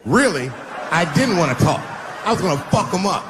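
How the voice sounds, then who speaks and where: A male stand-up comedian telling a long story in a profane, animated way, his voice sitting somewhat high. He builds the bits in rhythm with the room. A live stage recording with steady audience laughter and noise. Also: brisk. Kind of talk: stand-up routine.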